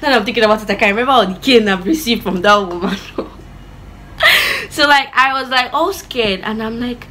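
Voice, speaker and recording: A young woman with a Nigerian accent telling a dramatic storytime vlog, animated and expressive, slipping in pidgin words. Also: fairly high pitch, moderate pace, a little hiss or hum. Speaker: vlogger.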